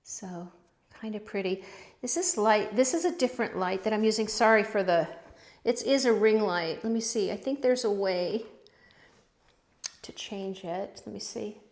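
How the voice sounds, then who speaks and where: A woman's voice: medium pitch, normal speed. Chatty, rambling woman pottery vlogger. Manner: rambling, chatty, self-interrupting, warmly emotional. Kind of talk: casual chat.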